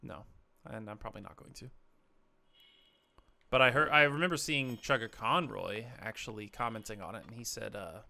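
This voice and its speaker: A young man casually commenting while he plays a video game, chatting to viewers and reacting aloud with easy excitement. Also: lowish voice, normal speed, gravelly. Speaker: streamer. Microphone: headphones and desk mic.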